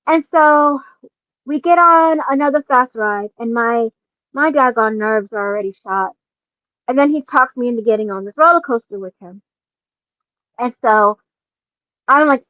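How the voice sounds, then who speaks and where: Woman, forties, podcast host, high voice, slightly dull recording, casual animated storytelling. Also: moderate pace, pauses often, no room sound.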